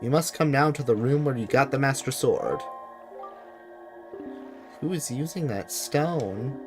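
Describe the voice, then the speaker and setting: A man reading game dialogue as a solemn ancient king who speaks through a talking boat, in a grave, measured way. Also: medium pitch, expressive, over music, voice pushed up, lightly acted. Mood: commanding.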